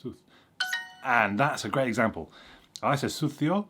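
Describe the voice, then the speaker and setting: A man's voice: medium pitch, normal speed, sharp tone, soft background music. A man chatting casually about learning a language, rambling and correcting himself with frequent ums. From England. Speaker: vlogger. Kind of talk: casual explanatory chat.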